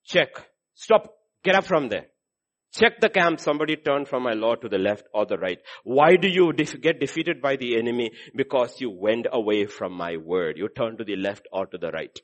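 A man preaching a sermon in an emphatic, repetitive style, moving from loud exhortation to low, intense delivery. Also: animated, normal speed.

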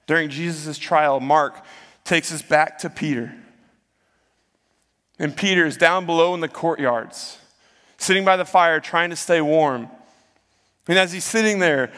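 A man's voice: on the high side, measured pace, long pauses, a bit bright. A man preaching a sermon, retelling the story in a conversational way and acting out the quotes. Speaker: pastor. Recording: long hall reverb.

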